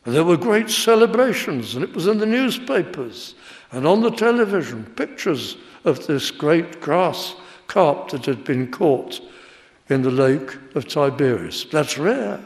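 A man preaching an expository sermon, reading verses and explaining them with deliberate emphasis. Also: fairly high pitch, big pitch swings. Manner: slow, deliberate Bible exposition with rising emphasis. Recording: long hall reverb.

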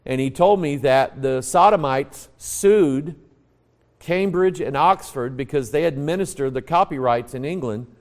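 A man's voice: fairly high pitch, measured pace. A man with an American accent, a pastor teaching a Bible class in a folksy, storytelling way, quizzing the group and restarting phrases. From United States. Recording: long reverb of a large room.

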